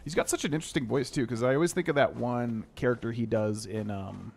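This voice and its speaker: A man's voice: medium pitch, a little fast, vocal fry, darkish tone. A man casually chatting and rambling while he streams a video game, with plenty of "like" and "um".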